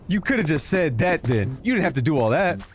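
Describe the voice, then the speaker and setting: A young man streaming a game, giving casual commentary that is joking, animated and full of swearing. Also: on the high side, normal speed. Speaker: gaming streamer. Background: game music.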